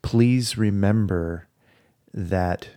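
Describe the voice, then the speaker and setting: A man's voice: deep voice, brisk, a little mellow, no echo, studio quality, close to an everyday voice. A man doing a tender pleading soul. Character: loving soul who agrees to hurt another.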